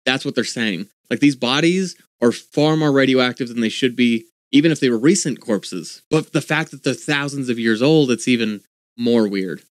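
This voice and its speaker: A man in casual podcast chat who mulls ideas out loud and reads passages from articles. His voice sits at an ordinary pitch for a man, and the recording is dry and close, with no room sound. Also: moderate pace, no echo. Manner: thinking aloud while reading articles, restarts and fillers. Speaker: podcast co-host.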